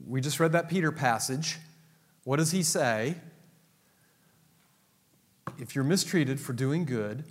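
A man preaching a sermon with humor, acting out quotes and laughing at his own jokes, pastor leading a congregation. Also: mid-range voice. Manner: animated, humorous, acts out quotes. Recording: long hall reverb.

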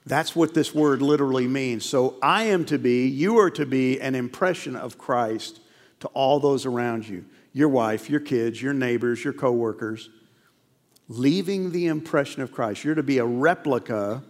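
A man's voice: medium pitch, in a large hall. A middle-aged man preaching a sermon in a church, earnest and conversational, full of rhetorical questions. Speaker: pastor. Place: church sanctuary.

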